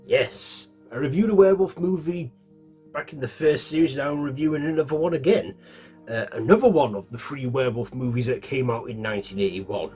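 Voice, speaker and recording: Yorkshire guy rambling through a film review, lots of ums, middle pitch voice, bit of music quietly behind. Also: a little fast. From Yorkshire, England. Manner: rambling, with fillers and self-corrections. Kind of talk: casual spoken film review.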